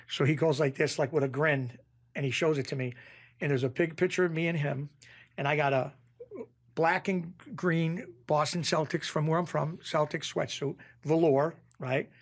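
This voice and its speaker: A middle-aged man from New talks in a voice pitched a touch high for a man. He tells his stories in an animated, rough street way and often repeats himself. He sounds like a podcast guest deep in casual talk. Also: normal speed. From Springfield, Massachusetts. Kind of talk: casual storytelling.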